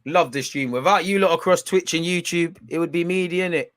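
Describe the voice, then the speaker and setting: A young man with a London accent, chatting casually on a football watch-along stream in heavy slang, swinging between loud hype and low mutters. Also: fairly quick. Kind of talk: casual live-stream chat.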